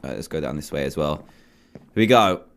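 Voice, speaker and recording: A man's voice: a bass voice, animated, fairly quick, a bit bright. A young man hosting a horror game playthrough, jumpy and exclaiming as he talks to himself and his viewers. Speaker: gaming video host. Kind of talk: let's play commentary.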